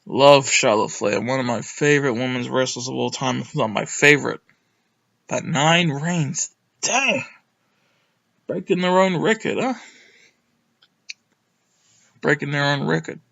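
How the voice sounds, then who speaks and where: Excitable young man, bright voice. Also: medium pitch, unhurried, creaky, pauses often, lo-fi sound. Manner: rambling, excitable, sweary, lots of ums. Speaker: wrestling reviewer. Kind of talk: casual recap monologue.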